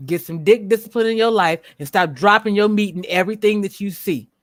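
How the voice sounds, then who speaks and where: A woman hosting a livestream, speaking bluntly and with profanity as she rants at viewers, slowing down to stress her words. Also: mid-range voice, dry recording, clean studio sound. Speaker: livestream host. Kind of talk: unscripted livestream commentary.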